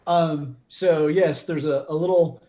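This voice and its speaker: A man's voice: a little high, steady tone, unhurried, dark tone, echoey room. A man narrating a tabletop game as game master in a casual, chatty way.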